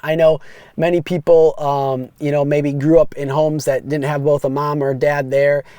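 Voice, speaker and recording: A man's voice: a little high, flat delivery, moderate pace, warm tone, clean tone, no room sound, clean studio sound. Upbeat rambling man in his thirties. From West Allis, Wisconsin, USA. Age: 30s. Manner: upbeat, rambling, talks straight to listeners. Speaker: podcast host. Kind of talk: casual solo podcast monologue.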